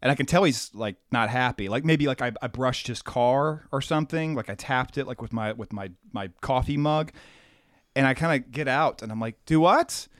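A man co-hosting a podcast, telling a rambling, animated anecdote full of quoted dialogue. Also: medium pitch, moderate pace, no room sound, clean studio sound. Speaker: podcast co-host. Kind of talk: casual storytelling.

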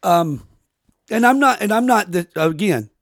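Male podcast host, gravelly, loose and profane storyteller, dry sound. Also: sits high, lively intonation, unhurried, fairly bright tone, no echo. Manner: rambling, profane storytelling with many restarts. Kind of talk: casual podcast chat.

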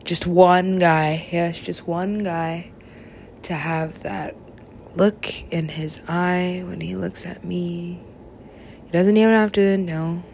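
Creaky-voiced woman murmuring and whispering. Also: lowish voice, little pitch movement, takes it slowly, a little mellow, slight background noise. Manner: drifting, profane, often dropping into whispers. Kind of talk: rambling monologue.

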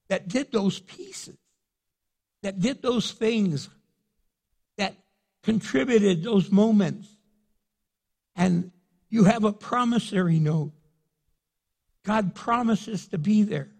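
Husky-voiced man preaching in a hall. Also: high-pitched, a little mellow. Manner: conversational, earnest, acts out prayers. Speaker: pastor. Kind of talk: sermon. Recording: long hall reverb.

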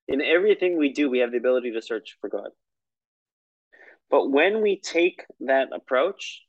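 A man's voice: medium pitch, no room sound. Conversational male prayer teacher, muffled. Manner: conversational, storytelling with asides and laughs. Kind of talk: recorded lesson on prayer.

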